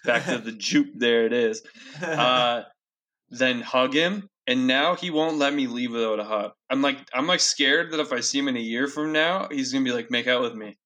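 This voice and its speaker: A man's voice: medium pitch, moderate pace, pushed and bright. A young man hosting a podcast over a video call, cracking crude jokes with his friends. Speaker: podcast host. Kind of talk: crude joking banter.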